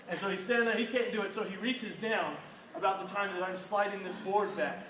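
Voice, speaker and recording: Young guy pastor telling a funny story, laughing a lot, high voice, sounds far off in a noisy echoey room. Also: fairly quick. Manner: animated, laughing storyteller who quizzes listeners. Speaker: youth pastor. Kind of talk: storytelling sermon. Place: hall with a live audience. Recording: roomy, distant, noisy room recording.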